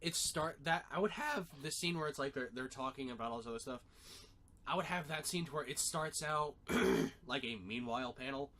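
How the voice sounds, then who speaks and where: A man in casual chat, excitedly retelling a film idea and acting out the characters as he goes. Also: medium pitch, fairly quick, a little hiss or hum. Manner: animated, acts out voices while retelling a story, laughs often. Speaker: co-host pitching a film rewrite.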